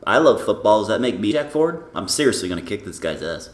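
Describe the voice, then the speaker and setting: A man's voice: fairly low pitch, big pitch swings, fast, roomy sound. A man doing a brash, profane, boastful impression of a football commentator while playing a video game. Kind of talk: comedic let's-play commentary.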